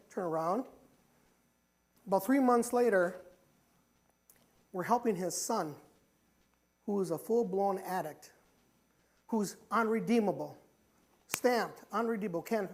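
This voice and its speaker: A man preaching a sermon in a church, impassioned and repetitive, telling stories and calling his listeners forward. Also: high voice. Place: church sanctuary.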